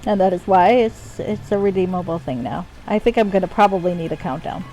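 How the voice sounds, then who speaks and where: A woman's voice: on the low side, brisk, warm tone, faint music behind, low-quality recording. A woman streaming a game from home, casual and self-deprecating, swearing when the game annoys her. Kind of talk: casual live-stream commentary.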